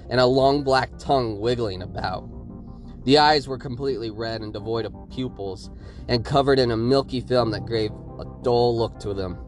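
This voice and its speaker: A man narrates a horror story, building the tension line by line. His pitch sits in the middle range for a man. Soft music plays faintly behind him. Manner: tense, building suspense. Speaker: podcast storyteller.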